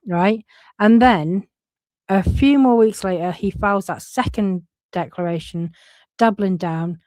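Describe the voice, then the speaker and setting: Frank, blunt-talking woman, dark tone. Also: mid-range voice, unhurried, no echo. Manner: frank, swears freely, trailing restarts. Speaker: commentator. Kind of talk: casual commentary reading out messages.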